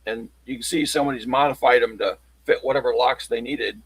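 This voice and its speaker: A man talks through his locksport tools in a halting, rambling show-and-tell. His voice is gravelly and a bit husky, at an ordinary pitch for a man. The sound is dry, with no room around it. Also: fairly even intonation, dry recording, low-quality recording. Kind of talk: casual livestream chat.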